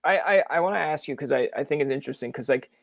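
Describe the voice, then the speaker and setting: A young man hosting a podcast interview, talking in a rambling, animated way with lots of fillers. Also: a little high, rapid-fire, gravelly, dry recording, clean studio sound. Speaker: podcast host. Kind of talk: casual interview chat.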